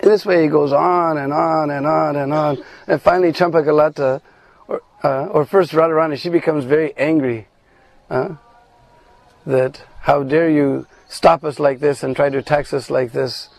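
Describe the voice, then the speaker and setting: A man narrating a devotional story in a slightly high, gravelly voice. He talks animatedly, with many asides and fillers. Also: steady tone, normal speed, low-quality recording. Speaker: spiritual storyteller.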